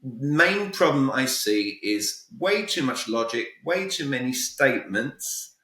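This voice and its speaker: A British man speaks as a guest coach in a podcast interview, direct and emphatic. His tone is bright and forceful. The recording is roomy and he sits a little away from the mic. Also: mid-range voice, lively intonation, slow pace, recorded from a distance. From Britain. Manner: direct, emphatic, peppers talk with "all right?". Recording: roomy echo, voice a bit off-mic.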